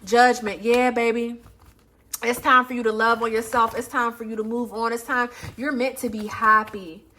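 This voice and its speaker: A woman's voice: on the high side, level tone, moderate pace, fairly bright tone. A woman reading tarot cards for her viewers, blunt and emphatic, swearing freely and calling listeners baby and honey. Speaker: tarot reader. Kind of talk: casual tarot reading vlog.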